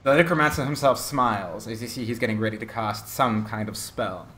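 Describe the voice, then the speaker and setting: A man's voice: fairly low pitch, brisk, fairly bright tone. A man narrating as game master of a tabletop game, giving vivid scene descriptions and often restarting his phrases.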